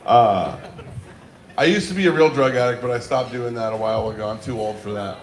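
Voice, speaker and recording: A man's voice: medium pitch, brisk. A man hosting an open mic in a small bar, joking with the crowd between comedy sets. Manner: joking banter, playful crowd work. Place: small bar and coffee venue. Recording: echoey live room.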